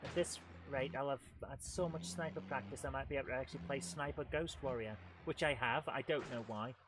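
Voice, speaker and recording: A man's voice: mid-range voice, a little fast. A man streaming a video game live, chatting with viewers in a casual, self-mocking way. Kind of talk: live let's-play commentary. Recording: game sounds noisy underneath. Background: game engine and vehicle noise.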